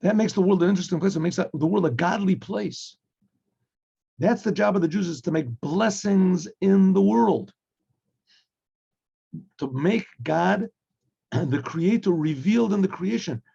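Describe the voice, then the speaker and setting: Gravelly, husky rabbi teaching. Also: male voice, high-pitched, unhurried, pauses often, dark tone. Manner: conversational teaching with homely examples and acted dialogue; clears throat often. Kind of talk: Torah class. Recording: muffled lo-fi recording.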